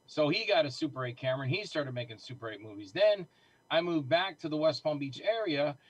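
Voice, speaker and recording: A middle-aged man telling stories in casual conversation, animated and acting out the voices of people he quotes. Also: on the high side, fairly quick, dry recording, low-quality recording. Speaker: guest filmmaker. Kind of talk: casual storytelling.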